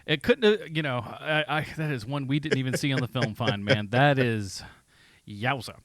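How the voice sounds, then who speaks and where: A podcast host rambles through a casual chat, full of fillers and frequent laughs. His voice is medium-pitched and fairly bright at a moderate pace, recorded in studio quality with no room sound.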